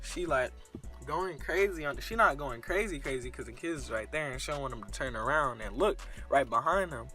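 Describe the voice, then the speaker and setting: A young man telling a crude, slang-filled story in a casual, animated storytime style. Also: medium pitch, brisk, faint music behind. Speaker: storyteller vlogger.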